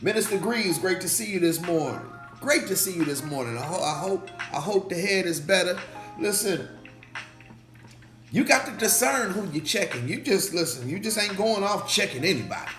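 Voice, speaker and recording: A slightly hoarse man, a pastor hosting a faith livestream, talking casually and animatedly, repeating phrases and calling out to viewers in the chat. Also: sits high, animated, normal speed, a bit bright. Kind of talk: casual livestream preaching talk. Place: indoor room, livestream. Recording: echoey room with faint music.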